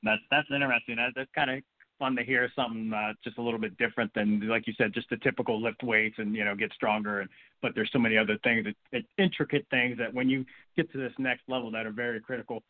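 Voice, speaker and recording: Fast-talking male sports podcast host. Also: mid-range voice, steady tone. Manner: upbeat, rambling with repeated words. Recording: phone-line audio.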